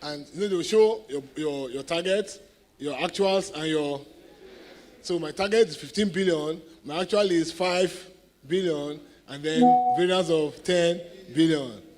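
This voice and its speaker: A man's voice: on the high side, a little slow, slight background noise. A middle-aged man with a Nigerian English accent, giving a motivational talk as guest speaker at a sales event, telling stories and keeping the audience engaged by asking if they follow him. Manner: animated storyteller who keeps asking the audience if they follow.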